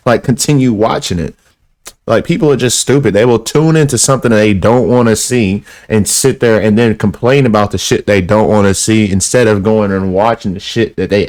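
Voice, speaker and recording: Low-voiced man, blunt reaction commentary. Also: a little mellow. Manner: blunt, swears freely, explains the clip to viewers. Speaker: reaction streamer.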